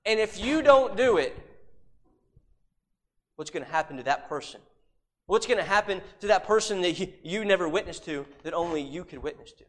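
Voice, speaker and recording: A man preaching a sermon, emphatic, repeating rhetorical questions and dropping suddenly to a hush. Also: high voice, lively intonation, moderate pace, pauses often.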